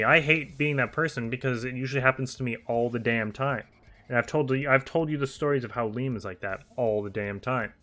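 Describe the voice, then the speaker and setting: Guy streamer, young, bright clear voice, chatty and animated, laughs a lot, faint music under him. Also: mid-range voice. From United Kingdom. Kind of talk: casual livestream chat reading viewer messages.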